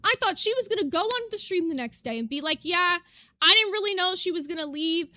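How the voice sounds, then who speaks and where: High, bright-voiced woman ranting to chat. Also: lively intonation, a little fast, dry recording, studio quality. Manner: emphatic, profane, indignant. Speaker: streamer.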